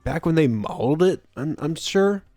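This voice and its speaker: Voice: medium pitch, expressive, normal speed, warm tone, no room sound, soft background music. A streamer from Texas, giving playful, giggly commentary while playing a game and sounding out German ride names.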